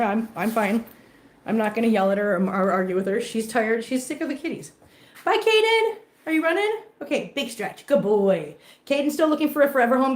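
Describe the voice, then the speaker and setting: A woman's voice: a little high, darkish tone, roomy sound, rough recording. A woman chatting casually on a livestream while she cooks in her home kitchen, teasing her viewers and cooing at her cats. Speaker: cat vlogger cooking on a livestream. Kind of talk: casual live-stream chat while cooking.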